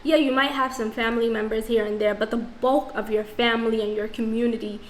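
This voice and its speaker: A woman's voice: fairly high pitch, steady tone, a little fast, slight background noise. A young woman from the diaspora talking straight to camera in a reflective vlog, frank and self-questioning, restarting her sentences as she thinks aloud. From Nigerian diaspora. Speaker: vlogger. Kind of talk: reflective casual vlog monologue. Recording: echoey room with faint music.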